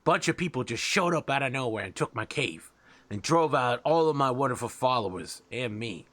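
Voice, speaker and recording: A man's voice: medium pitch, expressive, normal speed, a bit bright. A man voicing a boastful male giant rat king with a brash, swaggering manner. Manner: swaggering, brash, full of filler.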